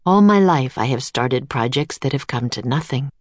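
A woman voicing a heartbroken older male inventor, speaking quietly and wearily in a storybook reading. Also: animated, normal speed, no room sound. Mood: sorrowful. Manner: quiet, weary and low.

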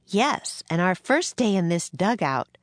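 A woman reading aloud plays a gentle frontier schoolteacher with a proper, encouraging way of speaking. The teacher's voice sits somewhat above the reader's own low voice. It is recorded dry and close. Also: very animated, a little slow, no echo. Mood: kindly.

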